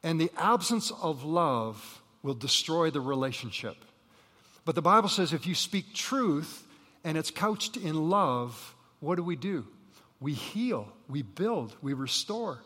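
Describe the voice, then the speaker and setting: A man preaching a sermon as pastor, telling Bible stories with lively acted voices and saying he has jet lag. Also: on the high side, slow pace, breathy edge. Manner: animated storytelling, acting out Bible figures with rising voice. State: jet-lagged. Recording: reverberant hall.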